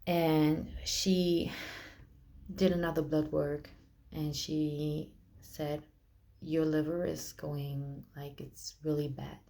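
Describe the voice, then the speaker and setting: Low-pitched young woman telling her story slow, emotional, lots of restarts. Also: flat delivery, creaky, dark tone. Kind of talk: personal storytelling vlog.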